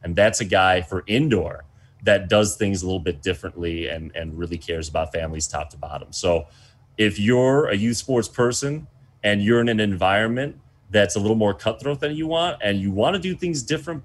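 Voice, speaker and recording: Guest spot: american man, low deep voice, sincere, a bit worn out from short sleep. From United States. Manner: earnest, heartfelt, restarts phrases. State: tired from little sleep. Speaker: volleyball coach, guest. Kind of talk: casual interview talk.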